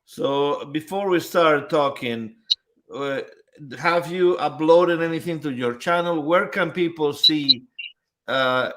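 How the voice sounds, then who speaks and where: A man's voice: a little high, takes it slowly, a bit bright. A man hosting a live stream in a casual chat style, greeting viewers one by one and reading out their comments. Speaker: livestream host.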